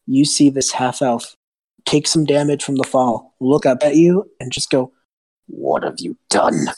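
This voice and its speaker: A man's voice: medium pitch, steady tone, normal speed, darkish tone, no room sound. A man narrating a tabletop game as game master, in a loose, chatty way with asides.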